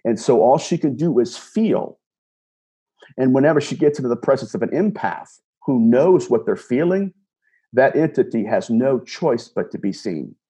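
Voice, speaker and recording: This man's voice is medium-pitched and expressive, mellow with a breathy edge, at a moderate pace. Describing himself as an empath, he tells a personal story earnestly and casually, recounting a conversation line by line with many repeats and restarts.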